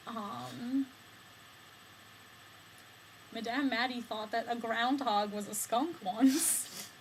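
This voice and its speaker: A woman's voice: a little high, steady tone, extremely slow, a little hiss or hum, rough recording. A young woman chatting casually on a vlog, telling rambling stories with frequent laughs and fillers. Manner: giggly rambling storyteller, many fillers.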